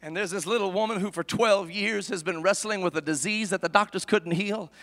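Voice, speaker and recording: A very high-pitched man preaches an impassioned sermon. He moves from quiet, hushed storytelling to full-throated shouts. His bright, forceful voice rings out with the long reverb of a large hall. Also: fairly quick.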